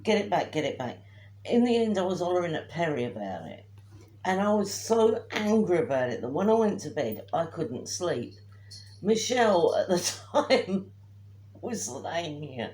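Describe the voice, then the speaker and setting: Low-voiced woman telling a story. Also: normal speed. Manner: animated storyteller, hushed asides. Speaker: podcast co-host. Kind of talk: casual chat. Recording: faint background noise.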